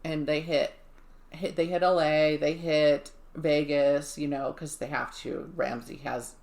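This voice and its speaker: A woman's voice: low-pitched, steady tone, unhurried, vocal fry, darkish tone. A woman co-hosting a podcast, chatting casually and rambling with restarts as she tells a story. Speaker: podcast co-host. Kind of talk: casual chat.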